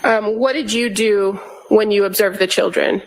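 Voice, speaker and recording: A woman prosecutor questioning a witness in a courtroom, in measured, methodical questions with frequent pauses. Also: medium pitch, fairly even intonation. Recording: echoey courtroom audio.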